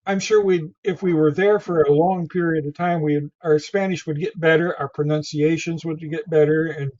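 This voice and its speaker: A man's voice: fairly high pitch, steady tone, normal speed, a little mellow, dull audio. A man with a Southern Tennessee accent, a guest in a casual interview, who rambles and often repeats his words.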